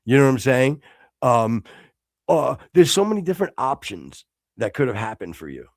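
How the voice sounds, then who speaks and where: A man with a gravelly, fry-tinged voice tells a story on a studio podcast. He swears freely and plays both sides of a tense confrontation. The sound is close and dry. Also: medium pitch, big pitch swings, normal speed, no echo. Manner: profane, heated, acts out both sides of a confrontation. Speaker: podcast host. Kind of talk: casual storytelling chat.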